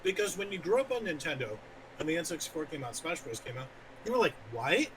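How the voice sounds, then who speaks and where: A man with a high, bright voice co-hosts a gaming podcast. He speaks animatedly, his pitch swings widely, and he sounds agreeable and eager in casual conversation, with faint background noise. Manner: lively, agreeable, quick to laugh. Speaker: podcast co-host. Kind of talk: casual chat.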